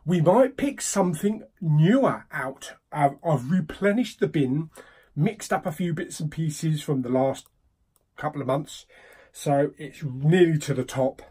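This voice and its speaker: A British man hosts a casual unboxing vlog in a slightly husky voice. He talks at a leisurely pace, and his pitch leaps around animatedly as he grumbles and jokes in mock exasperation. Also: measured pace. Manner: expressive, mock-exasperated, jokey asides. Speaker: vlogger reviewing bargain-bin films.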